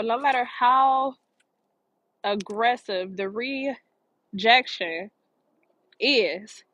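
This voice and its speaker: Higher-voiced woman giving spiritual encouragement. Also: a little slow, fairly bright tone, rough recording. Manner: earnest, repeats phrases for emphasis. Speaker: motivational vlogger. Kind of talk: spiritual motivational talk. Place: outdoors by the water in a park.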